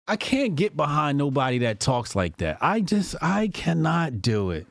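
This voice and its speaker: A man's voice: a little high, big pitch swings, moderate pace, vocal fry, few pauses, no room sound, clean studio sound. Mocking, exasperated male streamer. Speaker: political commentary streamer. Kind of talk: casual reaction commentary.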